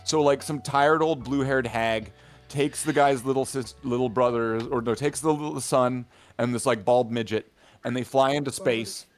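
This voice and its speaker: A man's voice: mid-range voice, fairly even intonation, normal speed, soft background music. A man in casual chat among friends, telling a long rambling story full of fillers and repeated "right?" checks. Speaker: hobby gaming channel regular.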